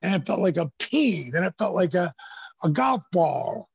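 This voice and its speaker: A gravelly, somewhat high man with a husky edge spins lively stories as a podcast guest. He swears freely and acts out other people's lines. The sound is dry and close to the mic. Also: moderate pace, dry recording. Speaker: podcast guest, former pro wrestler. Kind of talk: casual storytelling interview. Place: podcast studio.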